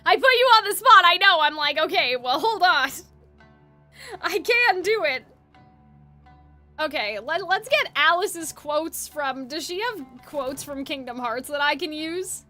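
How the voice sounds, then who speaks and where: A woman's voice: sits high, lively intonation, measured pace, sharp tone. A young woman streaming a game, chatting in a rambling, casual way. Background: faint game music.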